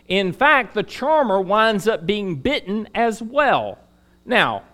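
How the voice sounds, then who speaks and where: A man preaching a sermon, speaking straight to his congregation with rhetorical questions and swinging from loud emphasis to soft asides. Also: sits high.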